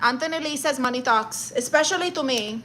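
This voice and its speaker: A woman's voice: high-pitched, brisk, sharp tone, slight background noise, low-quality recording. A woman live streaming, reading viewer messages and roasting them in a sassy, mock-arrogant way, dropping Spanish words.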